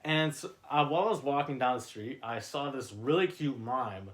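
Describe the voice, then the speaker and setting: A man with a medium-pitched voice, speaking at a moderate pace, reads his own script of an absurd story. He rambles casually, piling on fillers and mock-dramatic emphasis, and often corrects himself and restarts mid-sentence.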